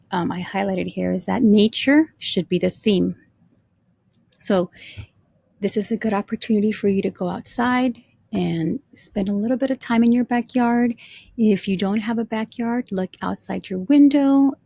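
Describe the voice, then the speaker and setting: A woman teacher talks students through a lesson on screen, patient and methodical. Her voice has a gravelly texture. The sound is close and dry. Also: mid-range voice, warm tone, dry recording. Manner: patient, explains step by step, asks questions to students. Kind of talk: screen-share lesson walkthrough.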